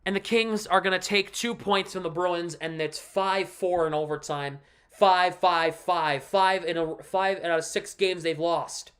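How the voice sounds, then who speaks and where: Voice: mid-range voice, fairly even intonation, unhurried, a bit bright, clear, resonant tone. A livestream host and devoted hockey fan giving casual, emphatic commentary, walking viewers through a play on screen and ranting about the team's losses.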